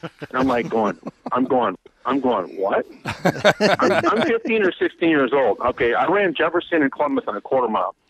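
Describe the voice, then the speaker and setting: A man's voice: mid-range voice, very animated, moderate pace, a bit bright, husky, poor audio. A race car driver in his fifties, from Wisconsin, telling a long rambling story in a radio interview, laughing and repeating words as he gets going.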